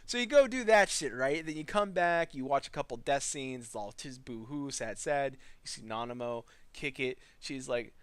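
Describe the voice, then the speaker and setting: A man's voice: medium pitch, moderate pace, few pauses, clear, resonant tone, no echo. A man hosting a casual gaming podcast, telling a long profane story with lots of laughter. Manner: profane, rambling, laughs often; animated storytelling. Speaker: podcast host.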